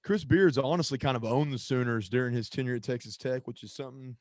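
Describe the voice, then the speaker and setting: A man's voice: mid-range voice, fast talker, dry recording. A man co-hosting a casual sports podcast, rambling and often stopping to search for a name or lose his thread. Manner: rambling, self-interrupting, loses his train of thought. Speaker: podcast co-host.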